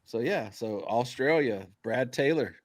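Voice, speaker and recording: A man's voice: medium pitch, animated, measured pace, a little hiss or hum. A man co-hosting a casual podcast, joking and teasing his listeners. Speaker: podcast co-host.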